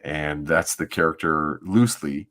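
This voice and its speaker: Very low-voiced chatty comic co-host. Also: male voice, moderate pace, a bit bright, a little hiss or hum. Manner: chatty, enthusiastic, self-correcting with laughs. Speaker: podcast co-host reading comics. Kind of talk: casual chat and comic narration reading. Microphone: desk microphone.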